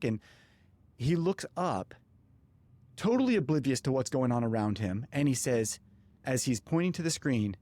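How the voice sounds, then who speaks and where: A man hosting a podcast, telling a personal story in an animated way and acting out the dialogue. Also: medium pitch, moderate pace, no echo. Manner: animated, acts out quoted dialogue. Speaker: podcast host. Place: podcast studio.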